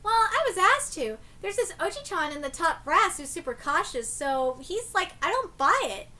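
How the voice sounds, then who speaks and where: A woman reading aloud and voicing a sly teenage girl ghost who mixes bubbly slang with quiet threats. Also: very high voice, sing-song, normal speed, heavily acted. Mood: coaxing.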